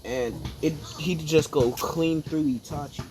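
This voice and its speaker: Slow, rambling young man telling a story. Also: a little high, background noise. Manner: meandering, with fillers and self-corrections. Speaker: storyteller narrating a fan scenario. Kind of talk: casual improvised storytelling.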